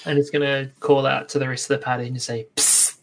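A man playing a tabletop game, asking quick questions in a casual, playful way. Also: mid-range voice, little pitch movement, vocal fry. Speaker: player.

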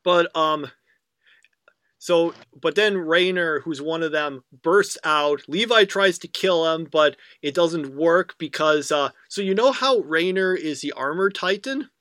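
Young man, casual podcast co-host, rambling with fillers, high-ish voice, dry sound. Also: measured pace, fairly bright tone, no room sound. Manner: rambling, filler-heavy recaps. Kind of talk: casual anime review chat.

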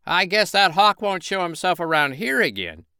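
A man voicing a boastful, strutting male rooster in a storybook reading, bragging loudly and pompously. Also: high-pitched, big pitch swings, moderate pace, smooth, no echo, studio quality, voice pushed up, exaggerated voice.

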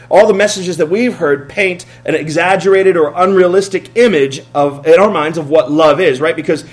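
A man in his thirties, a pastor, giving a conversational, joking sermon from a church stage and asking the congregation questions. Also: high-pitched.

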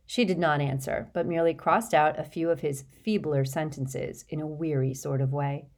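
A woman narrates a storybook aloud in a low voice. Her reading is even and clear, like a scripted audiobook. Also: moderate pace, few pauses.

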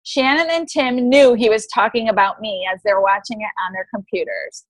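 A woman's voice: mid-range voice, moderate pace, no echo, poor audio. A woman co-hosting a podcast, reading her own blog post aloud, giggly and easily moved. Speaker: podcast co-host.

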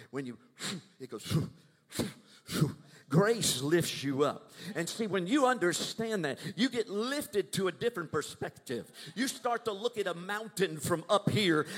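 An older man with a drawl preaches in a church, his voice pitched a little high. He drops to quiet, intimate asides, then rises to loud proclaiming and keeps checking that the congregation is with him. Long reverb trails his words through the sanctuary. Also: lively intonation, measured pace, husky. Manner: swings from hushed asides to loud proclaiming, asks the crowd for agreement. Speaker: minister.

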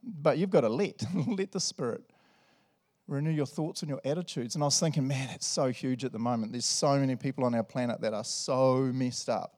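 A male pastor preaching a sermon in a church service, animated and jokey, swinging between loud and soft. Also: medium pitch, a little fast.

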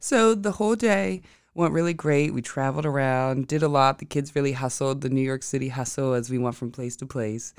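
A woman's voice: very deep voice, a little fast, hardly any pauses, smooth, dry recording, clean studio sound. A woman hosting an astrology podcast, telling a rambling, chatty story in a casual monologue.

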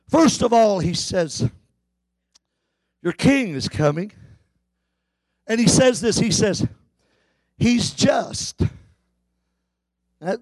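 High-voiced gravelly preacher man. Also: no echo. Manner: chanting preacher, rising into shouted climaxes. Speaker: pastor. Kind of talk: sermon.

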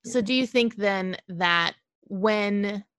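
Woman podcast host, mid-pitched voice, dry close sound, relaxed interviewer. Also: takes it slowly, clear, resonant tone, no room sound. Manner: relaxed, uses "like" often. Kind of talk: casual interview. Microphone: video call.

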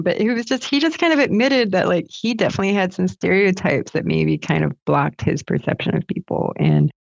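A middle-aged woman guest on an interview show, chatty and animated, telling stories about chainsaw training and laughing often. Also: lowish voice, creaky, dry recording. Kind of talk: casual storytelling interview. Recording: dull lo-fi dry sound.

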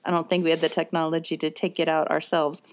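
Woman podcast cohost, laughy, animated storyteller, casual chat. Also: sits low, fast. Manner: laughs often, animated storytelling with sung bits. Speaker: podcast co-host.

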